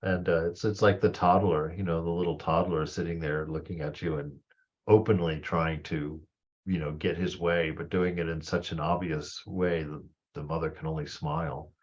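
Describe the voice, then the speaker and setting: A man's voice: low voice, husky, dull audio. A man giving a reflective spiritual talk about a book, musing in a conversational way and often saying "you know". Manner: conversational, musing, leans on 'you know'. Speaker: spiritual teacher.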